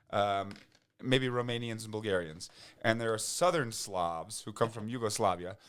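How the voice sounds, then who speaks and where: A man, a podcast guest, talking in a loose casual way with many restarts and fillers. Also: on the low side. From United States. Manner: rambling, frequent restarts and fillers, laughs when excited. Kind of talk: casual conversation.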